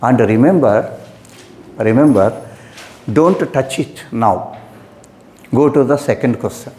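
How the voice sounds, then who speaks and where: A man's voice: medium pitch, slow pace, warm tone, reverberant, slight background noise. A man teaching an English exam lesson who repeats his instructions and calls his students "my dear".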